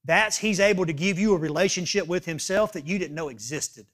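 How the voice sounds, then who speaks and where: A male pastor delivers an emphatic sermon, dropping to hushed asides and rising to loud appeals while often checking in with "okay?". His voice is high-pitched and fairly quick.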